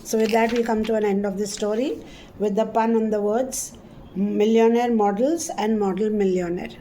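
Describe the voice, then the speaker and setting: A woman with an Indian English accent teaching a literature lesson, reading a story aloud and explaining it slowly, repeating and paraphrasing lines. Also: mid-range voice, steady tone, warm tone, slight background noise.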